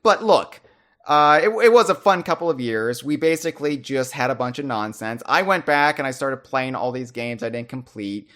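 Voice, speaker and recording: A young American man hosting a podcast, talking casually and excitedly with frequent restarts and repeated words. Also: medium pitch. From United States. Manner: animated, often halting, restarting and repeating words. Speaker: podcast host. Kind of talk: casual chat.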